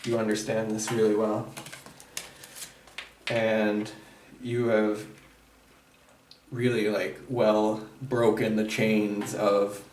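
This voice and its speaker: A man giving an intuitive tarot reading, speaking in a halting, searching way with many restarts. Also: on the low side, flat delivery, a little mellow, slight background noise. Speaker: tarot reader. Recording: roomy echo, distant mic.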